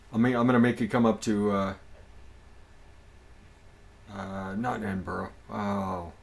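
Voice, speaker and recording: Low-voiced man chatting on a livestream. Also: vocal fry. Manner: rambling, repeats himself. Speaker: livestream host. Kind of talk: casual chat.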